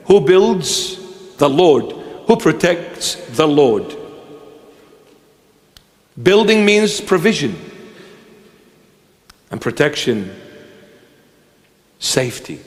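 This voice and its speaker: A man's voice: on the high side, big pitch swings, takes it slowly, long pauses, long reverb tail. A man preaching a sermon, emphatic and repetitive, firing rhetorical questions at his listeners.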